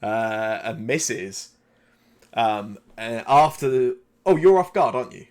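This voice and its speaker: A man narrating as game master of a tabletop game, relaxed and halting, with many fillers as he describes the fight. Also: medium pitch.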